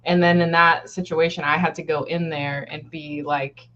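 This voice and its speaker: A woman's voice: sits low, little pitch movement, moderate pace, fairly bright tone. A woman who works at a library, telling workplace stories in a casual chat and laughing often. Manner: laughing, exasperated storyteller. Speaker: library worker. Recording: dull lo-fi recording with faint hiss.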